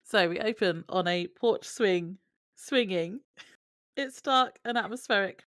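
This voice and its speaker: A woman co-hosting a podcast, recapping scenes in a steady, matter-of-fact way with light laughs. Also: medium pitch, takes it slowly, dry recording, clean studio sound. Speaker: podcast co-host. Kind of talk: casual recap chat.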